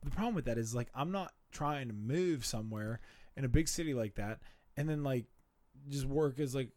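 A man's voice: mid-range voice, fairly quick, darkish tone, no echo. A man in his twenties in a casual podcast chat, rambling laid-back with lots of "like" and "dude". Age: 20s.

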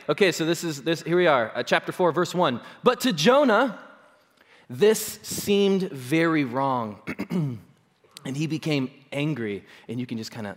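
A man preaching a sermon in a casual, playful way, often checking in with "okay?" and "right?". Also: fairly high pitch. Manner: conversational, playful, many "like"s and "okay?". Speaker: pastor. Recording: long hall reverb.

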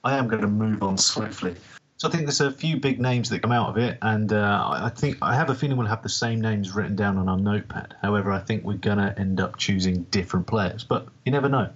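A man's voice: on the low side, quick pace, breathy edge. A man from England co-hosting a podcast and chatting casually, with a dry, understated delivery. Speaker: podcast co-host. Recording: dull lo-fi sound.

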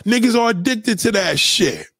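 Gravelly and a bit bright, this man's high voice stays animated at a moderate pace as he swears his way through a heated rant aimed at his followers. He hammers the same points bluntly, and the recording is dry with clean studio quality.

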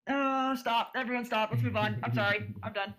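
A woman's voice: fairly high pitch, fairly even intonation, a little fast, fairly bright tone. A woman co-hosting a casual podcast, chiming in with sarcastic quips. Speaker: podcast co-host.

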